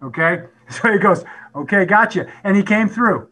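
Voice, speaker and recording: Animated middle-aged male coach, high bright voice. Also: normal speed, rough recording. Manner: animated storyteller who acts out quotes and laughs often. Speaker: head football coach. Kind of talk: storytelling at a conference talk.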